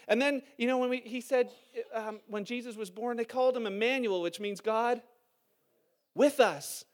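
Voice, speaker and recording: A man preaching a sermon to a congregation in a church, lively and conversational, telling humorous stories and asking the room questions. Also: very high voice, moderate pace. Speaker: pastor. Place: church hall before a congregation.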